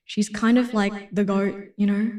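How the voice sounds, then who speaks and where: A woman's voice: medium pitch, little pitch movement, measured pace, recorded from a distance. A woman streamer chatting casually between karaoke songs, self-deprecating and swearing freely. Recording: roomy, with loud music behind.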